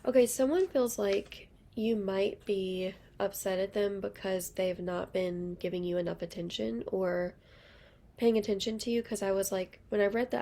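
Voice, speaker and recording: Chatty woman reading tarot, gravelly edge. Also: mid-range voice, fairly even intonation, moderate pace, dark tone. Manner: chatty, rambling, lots of fillers. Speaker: tarot reader. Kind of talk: casual tarot reading to camera.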